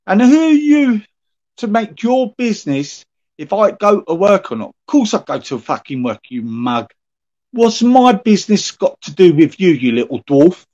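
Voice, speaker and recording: A man's voice: sits high, sing-song, moderate pace, darkish tone. A man livestreaming an angry, swearing rant at his critics, confrontational and aggrieved. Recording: dull lo-fi stream audio.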